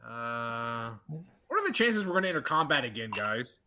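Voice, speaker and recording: A man's voice: medium pitch, very animated, moderate pace, bright, forceful tone. A man playing a tabletop game, chatty and joking, thinking aloud about his spells. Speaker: player.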